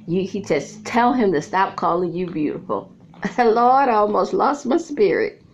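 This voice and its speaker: A middle-aged woman speaks to her viewers in a frank, chatty monologue, laughing easily as she tells her stories. Her voice sits at an ordinary middle pitch for a woman. The recording sounds a little dull and lo-fi. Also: animated, normal speed. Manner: frank, chatty storyteller who laughs often. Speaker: vlogger and author. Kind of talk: candid casual monologue to viewers. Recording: slightly dull lo-fi audio.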